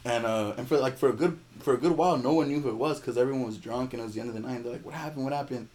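A young man, a podcast guest, telling a story in casual chat, animated and laughing as he acts out the people in it. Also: mid-range voice, very fast.

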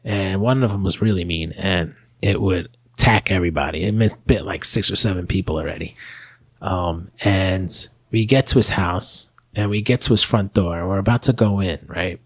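A man's voice: low voice, normal speed, no echo. A man calling in and telling a rambling story in casual talk, full of fillers, restarts and swearing. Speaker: caller.

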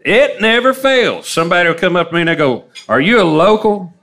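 A man's voice: high voice, animated, fairly quick, a bit bright. Folksy drawling Southern man. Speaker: comedy duo performer. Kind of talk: stand-up banter before a live crowd.

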